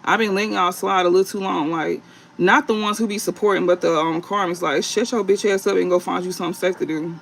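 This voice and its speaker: A man with a high, gravelly voice rants bluntly on a late-night tarot livestream, swearing freely and circling back with drawn-out fillers. A faint hiss sits under his voice. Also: steady tone, a bit bright. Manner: profane, blunt, scolding; drawn-out fillers and repeated phrases. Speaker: online tarot reader.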